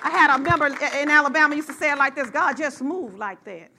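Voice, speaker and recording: A woman pastor preaching a sermon to her church, getting excited and rising to shouts as she calls out to the congregation. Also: high-pitched, quick pace, a faint crowd.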